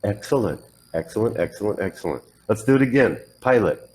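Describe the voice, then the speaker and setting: A man's voice: fairly low pitch, lively intonation, a little fast, darkish tone, rough recording. A man teaching English pronunciation one on one, patiently modelling words and correcting the learner's drills.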